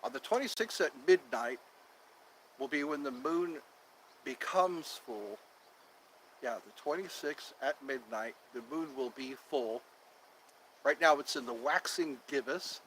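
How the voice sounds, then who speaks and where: A man's voice: on the high side, measured pace, long pauses, a bit bright, slight background noise, poor audio. A man hosting a casual livestream from outdoors in the cold on his phone, rambling and repeating himself as he talks to viewers. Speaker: livestream host.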